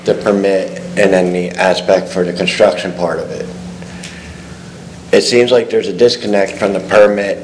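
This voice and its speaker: A man with a very low voice makes a methodical, critical comment at a town meeting and often restarts his sentences. A faint hiss sits behind him. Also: low-quality recording. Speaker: public commenter.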